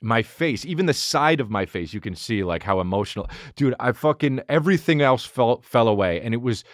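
A man hosting a podcast, telling rambling stories in a profane, animated, casual monologue. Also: medium pitch, a little fast, no room sound, clean studio sound. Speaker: podcast host.

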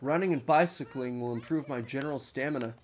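A man's voice: mid-range voice, quick pace, soft background music. A young man in his twenties giving rambling, frustrated, swearing commentary over a game. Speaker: gamer. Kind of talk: let's play commentary.

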